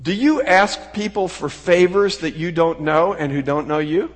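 A middle-aged man preaching a sermon in a folksy, animated way, acting out quotes with sudden shouts. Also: fairly high pitch, measured pace. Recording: long hall reverb.

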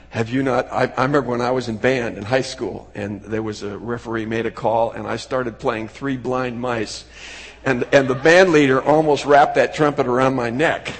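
A middle-aged man preaching a sermon in a folksy, animated way, acting out quotes with sudden shouts. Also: medium pitch, moderate pace, slightly rough. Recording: long hall reverb.

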